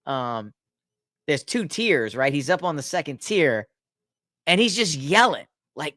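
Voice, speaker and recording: A man telling stories about his past work in a casual chat, animated and laughing often. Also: measured pace, dry recording. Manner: animated, laughs often, acts out inmates in a loud high voice. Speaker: podcast guest. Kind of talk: casual storytelling.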